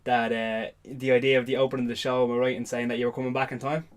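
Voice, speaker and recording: A man's voice: mid-range voice, flat delivery, rapid-fire. A man hosting a casual podcast interview with his father, prompting him and finishing his sentences.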